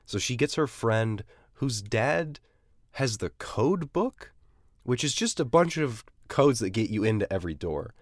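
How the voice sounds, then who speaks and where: A man's voice: mid-range voice, animated, measured pace, no room sound. A young man co-hosting a casual podcast, recapping a plot in a dry, matter-of-fact way. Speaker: podcast co-host. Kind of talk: casual chat.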